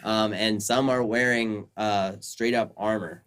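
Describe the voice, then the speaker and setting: Lower-voiced young man running a game. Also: fairly even intonation, measured pace, fairly bright tone, clean tone. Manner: rambling, filler-heavy descriptions. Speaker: dungeon master. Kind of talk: narrating a tabletop game.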